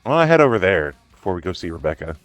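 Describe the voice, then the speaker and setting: A low-pitched man talks rapid-fire as a player in a casual tabletop role-play over a voice call. He's animated and profane, cracking jokes in character; the recording is dry, with faint music behind him.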